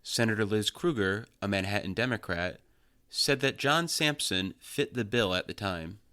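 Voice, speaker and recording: A man reading scripted news narration in a measured, even way. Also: fairly low pitch, clean tone.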